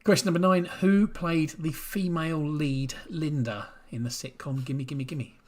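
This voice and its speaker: A quizmaster, chatting and slowly repeating pub-quiz questions on a livestream from home. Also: medium pitch, fairly even intonation, darkish tone. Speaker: quiz host.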